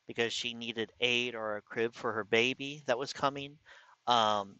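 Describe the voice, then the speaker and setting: Мужчина искренне и с недоверием рассказывает личную историю, часто запинаясь и начиная фразы заново. Голос яркий и напряжённый, звук сухой, без эха, слегка глуховатый, как на простой записи. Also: male voice, mid-range voice, pushed and bright, smooth, no room sound. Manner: earnest, incredulous, halting with restarts. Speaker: vlogger. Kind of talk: personal storytelling. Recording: slightly dull lo-fi recording.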